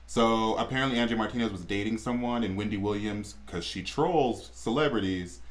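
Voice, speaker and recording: A man's voice: lowish voice, brisk. A man co-hosting a casual gossip podcast, chatty and opinionated. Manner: chatty, opinionated, quotes celebrities in mocking voices. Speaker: podcast co-host.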